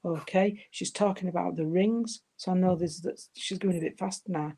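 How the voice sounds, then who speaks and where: A woman's voice: lowish voice, fairly even intonation, normal speed, mellow, breathy edge. A woman giving a live mediumship reading, hesitant and affectionate, calling her listeners darling. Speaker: spiritual medium.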